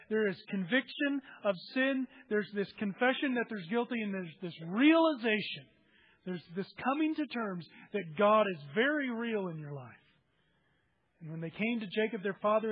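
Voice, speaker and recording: High-voiced preacher on a tinny line. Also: male voice, normal speed. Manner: reads scripture then explains it with everyday examples. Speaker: pastor. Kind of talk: sermon.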